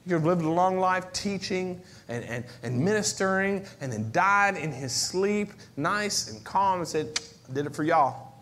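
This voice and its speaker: A man preaching a sermon as pastor, moving from near-whispers to shouted cries and repeating phrases for emphasis. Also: sits high, lively intonation, a little slow, few pauses, slight background noise.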